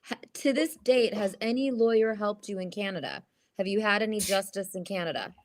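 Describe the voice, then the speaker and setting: Female interviewer, mid pitch, reactive and prompting. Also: a little fast. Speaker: host. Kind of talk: live news interview.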